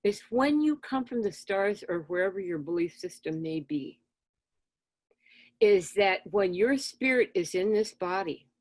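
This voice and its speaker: A woman guest in an interview, telling stories in a lively conversational way and acting out exchanges with children. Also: medium pitch, unhurried, dry recording. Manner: animated, acts out dialogue with children. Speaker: interview guest, spiritual teacher. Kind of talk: conversational storytelling.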